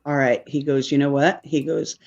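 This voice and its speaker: A woman's voice: extremely low pitch, little pitch movement, normal speed, a little mellow. Rambling woman telling a story. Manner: rambling, checks in with "right?". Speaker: podcast guest. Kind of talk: casual storytelling. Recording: dull lo-fi recording.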